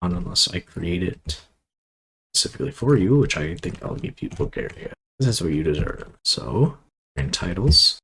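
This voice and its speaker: Guy with a really low voice rambling thru his strategy game, bit of faint hiss behind. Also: big pitch swings, normal speed, vocal fry, fairly bright tone, poor audio. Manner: thinks aloud, rambling with fillers and asides. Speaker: gameplay commentator. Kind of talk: casual strategy game let's play commentary.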